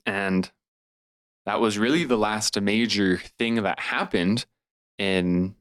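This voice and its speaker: A man's voice: on the low side, slow, fairly bright tone, no echo. A young man in his twenties from California, earnestly telling a heartfelt personal story as a podcast guest. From California, USA. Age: 20s. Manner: earnest and heartfelt, laughs at himself.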